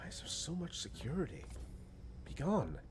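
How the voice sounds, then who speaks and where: A man's voice: a little high, huge pitch swings, moderate pace, music in the background. A young Scottish man streaming a game, chatting casually, muttering to himself and swearing under his breath with a sarcastic edge. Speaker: gaming streamer. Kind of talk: casual gameplay commentary.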